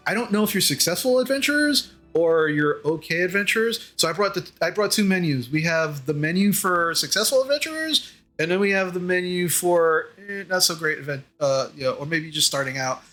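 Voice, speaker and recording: A man's voice: high voice, lively intonation, brisk, few pauses, sharp tone. A man voicing a chatty, eager male tavern bartender who rambles and apologizes. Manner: rambling, apologetic, talks too much.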